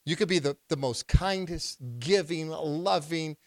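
A male pastor preaching a sermon, asking the congregation questions and building to loud, emphatic bursts. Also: on the high side, unhurried, few pauses, no echo.

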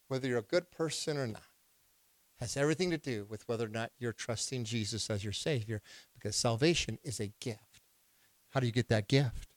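A man preaching a sermon. His voice sits at a middle pitch and swings up into loud, emphatic bursts as he quizzes the congregation. The recording is dry and close. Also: normal speed, dry recording. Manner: preaching with rising, emphatic outbursts and questions to the congregation. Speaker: pastor.

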